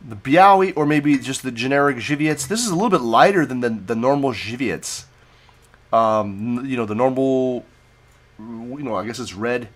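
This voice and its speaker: A man's voice: mid-range voice, normal speed. Rambling man hosting a livestream. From United States. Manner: rambling, self-correcting, digressive storytelling. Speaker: livestream host reviewing beer. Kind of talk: casual unscripted livestream chat.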